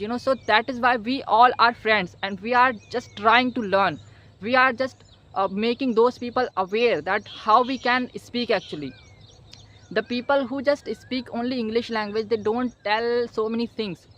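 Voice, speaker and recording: A man's voice: very high voice, bright, forceful tone. A young man teaching English in a casual vlog lesson. He talks earnestly and hesitantly, with many "uh" fillers, and encourages listeners to repeat after him. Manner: earnest and encouraging, like a motivational pep talk.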